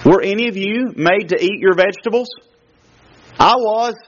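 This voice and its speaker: As a guest speaker at a church service, a man delivers an emphatic sermon packed with rhetorical questions, his pitch swinging widely. He speaks at a moderate pace, and the lo-fi, dull recording carries a faint hiss or hum.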